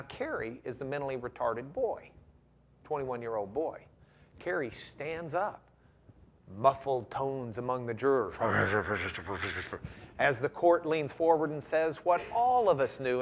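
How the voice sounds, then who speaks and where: A man giving a guest lecture to a class, telling a courtroom story dramatically and building to loud bursts. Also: medium pitch. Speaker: guest lecturer, trial lawyer.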